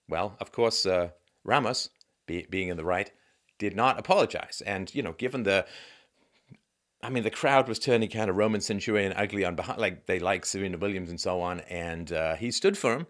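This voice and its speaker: A man's voice: low voice, normal speed, fairly bright tone. A man giving an opinionated commentary monologue in a wry, sardonic way, with sighs and asides. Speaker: commentary vlogger.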